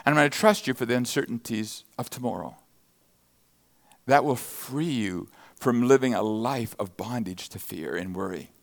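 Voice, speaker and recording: A man's voice: medium pitch, normal speed, gravelly. A man preaching a sermon, reading scripture verses and expounding them with emphatic, rising bursts of intensity. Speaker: pastor.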